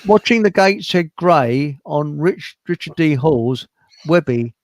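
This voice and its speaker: A middle-aged man, hosting a casual livestream chat, blunt and grumbling with quick asides. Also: fairly high pitch, expressive, dry recording. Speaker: host.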